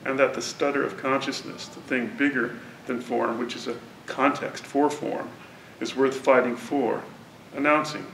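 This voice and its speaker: A man introducing a poet at a university event, reading a prepared, deliberate academic introduction. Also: fairly even intonation, creaky, fairly bright tone. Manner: measured, deliberate academic delivery. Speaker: lecture introducer. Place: university lecture hall. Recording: roomy hall from a distance, faint rumble.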